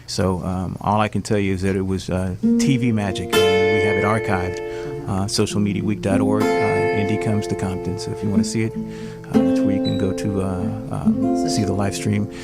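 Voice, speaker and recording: Hoarse, gravelly-voiced man. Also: lowish voice, normal speed, few pauses, over loud music. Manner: excited, rambling with many fillers. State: hoarse, lost his voice. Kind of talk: casual chat.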